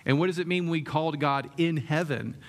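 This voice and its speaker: A man's voice: a little high, a little fast. A man preaching a sermon in a conversational way, often asking the room questions and using many fillers. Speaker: pastor.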